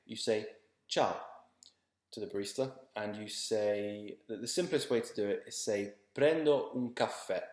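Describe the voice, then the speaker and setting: A man teaching beginners in a relaxed, chatty and reassuring way, often repeating his words. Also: lowish voice, roomy sound. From England. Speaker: language teacher. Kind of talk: casual spoken lesson.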